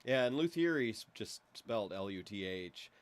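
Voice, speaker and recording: A man's voice: lowish voice, animated, normal speed. A man co-hosting his band's live stream, teasing playfully and reading chat messages aloud. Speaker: band guitarist and co-host.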